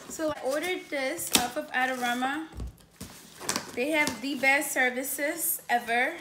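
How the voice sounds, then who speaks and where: A woman in her late twenties, a YouTuber, unboxes a new camera in an indoor vlog, gushing, exclaiming often and laughing between remarks. Her voice sits high and her pace is measured. The room is echoey with faint background noise.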